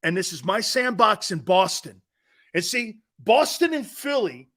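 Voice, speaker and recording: Excitable middle-aged sports radio host. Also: male voice, high voice. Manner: animated, loud bursts, calls out to studio crew; rambling, repeats words and restarts. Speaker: sports talk show host. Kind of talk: casual sports radio chat.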